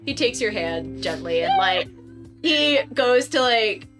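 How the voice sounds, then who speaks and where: A woman's voice: mid-range voice, lively intonation, a little slow, over music. Casual woman narrating a tabletop game. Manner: casual, filler-heavy narration. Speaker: game master.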